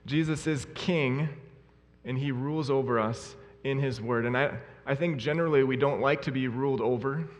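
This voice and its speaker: Male preacher, mid pitch, earnest and emphatic sermon delivery, long reverb of a church hall. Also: normal speed. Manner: earnest, emphatic, repeats key phrases.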